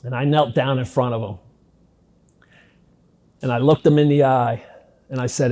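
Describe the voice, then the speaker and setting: A middle-aged man giving an interview, telling his story bluntly and with a lot of profanity, dropping to a hush at some moments and growing loud and intense at others. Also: mid-range voice, normal speed, pauses often. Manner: blunt, profane, intense retelling that swings between hushed and loud. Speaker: interviewee recounting his past. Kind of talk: first-person storytelling in an interview.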